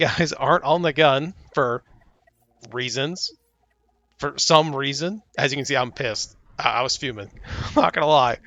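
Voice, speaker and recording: A young man talks over his own gameplay from a home desk mic, excitable and quick to get exasperated. His voice sits a little high and comes across bright and forceful, jumping up when he pleads with the screen. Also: vocal fry, lo-fi sound. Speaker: gaming YouTuber. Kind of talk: casual gameplay commentary.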